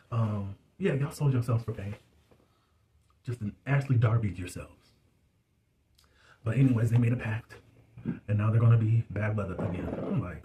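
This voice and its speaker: A man recaps a reality show in a loose, gossipy style, laughing often and dropping words like "y'all". His voice is mellow and sits at a middle pitch. A faint ambience hums behind him. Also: a little hiss or hum. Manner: dialect words like "y'all" and "you be". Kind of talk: casual recap commentary.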